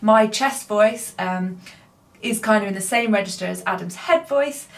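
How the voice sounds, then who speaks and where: A woman singer calmly explaining singing registers in a casual lesson. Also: mid-range voice, moderate pace. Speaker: singer, guest co-presenter.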